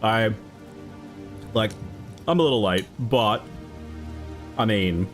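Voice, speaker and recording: A man's voice: on the low side, animated, takes it slowly, faint music behind. A man casually chatting on a live stream, laughing often and thanking viewers by name. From Australia. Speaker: game streamer.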